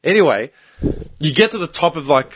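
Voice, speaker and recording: A man's voice: a little high, expressive, fairly quick, a bit bright, breathy edge, no echo. A young man in casual chat with friends, telling a long rambling story with lots of swearing and filler words. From Australia.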